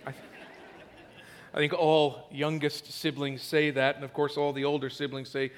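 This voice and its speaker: Pastor, man, middle-aged, high-set voice, storytelling with jokes at his own expense; long hall reverb. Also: level tone, moderate pace, a little hiss or hum. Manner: storytelling, self-deprecating humor, repeats words when building. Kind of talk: sermon.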